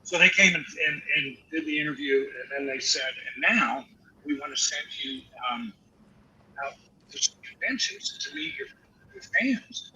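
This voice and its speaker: An older man, a guest actor, telling profane, animated stories about his career to a live audience and acting out the quotes. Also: a little high, moderate pace, a little hiss or hum, poor audio. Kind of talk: anecdotal storytelling to a live audience.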